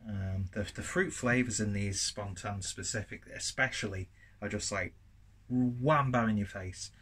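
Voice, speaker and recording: A man's voice: lowish voice, unhurried, a bit bright, slightly rough. A man from northern England with a well-spoken southern English accent, reviewing a beer at home in a chatty, rambling, self-deprecating way. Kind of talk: casual review vlog. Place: home, while cooking.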